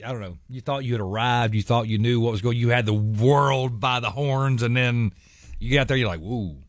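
A man's voice: mid-range voice, steady tone, a little fast, no room sound, clean studio sound. A man in his fifties hosting a morning radio show, telling stories in casual banter and often laughing at himself. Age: 50s. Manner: chuckling storyteller, self-deprecating. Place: radio studio. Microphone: studio microphone.

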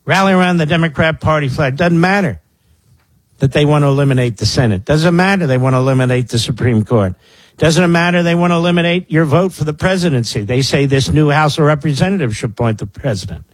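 A husky, slightly breathy man in his sixties hosts a political talk radio show from a dry, close studio mic. He is from the Philadelphia area and delivers sarcastic, mocking commentary, often throwing remarks to his producer. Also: a little high, lively intonation, quick pace, no echo. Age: 60s.

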